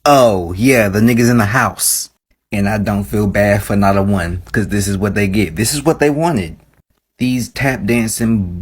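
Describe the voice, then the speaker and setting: A man giving casual political commentary in a scornful, preachy way. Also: fairly low pitch.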